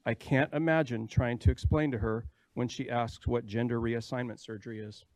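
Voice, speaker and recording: A man states his objection in a firm, prepared manner. His voice is mellow and dark. The sound is dry. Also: medium pitch, steady tone, normal speed, no room sound. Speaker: public commenter, parent. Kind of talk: public comment at a hearing.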